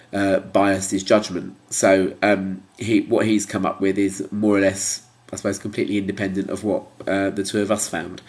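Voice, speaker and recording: A man with a slightly low, stuffy, nasal voice from blocked sinuses. He talks to camera in a loose, rambling way and fills his pauses with ums. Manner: rambling, hesitant with many ums. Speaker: YouTuber. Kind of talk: casual talk to camera.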